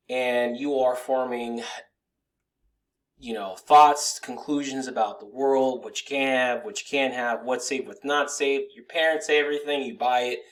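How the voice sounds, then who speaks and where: A man's voice: mid-range voice, a bit bright. Male coach, plain mid voice, loose rambling delivery with casual swearing. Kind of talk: casual motivational talk to camera.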